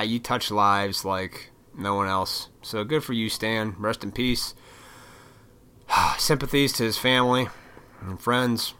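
A man's voice: on the low side, sharp tone, clean tone. A man talking straight to camera in a casual, profane, opinionated monologue. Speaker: vlogger.

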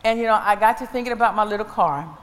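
A woman preaching a sermon in a church, moving from quiet storytelling to shouted, drawn-out calls and repeated refrains. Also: medium pitch, in a large hall.

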